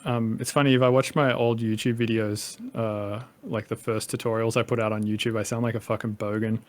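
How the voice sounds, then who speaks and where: A man's voice: lowish voice, level tone, a little fast. A man from Australia with a light Australian accent, chatting as a podcast guest, rambling with lots of fillers and casual swearing. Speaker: podcast guest, music producer. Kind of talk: casual conversation.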